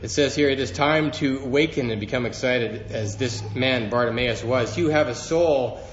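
A man delivers a sermon in a church hall, earnest and steady, leaning harder into his words when he quotes scripture. The room rings around his mid-pitched voice, and the sound is a little dull and muffled. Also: moderate pace, slight background noise. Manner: earnest, rising in emphasis when quoting scripture. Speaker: preacher.

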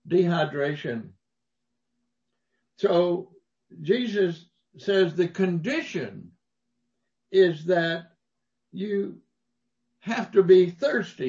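Pastor, unhurried, emphatic folksy sermon delivery. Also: male voice, sits high, highs cut off. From Mississippi, US. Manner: folksy storytelling preacher, emphatic rises.

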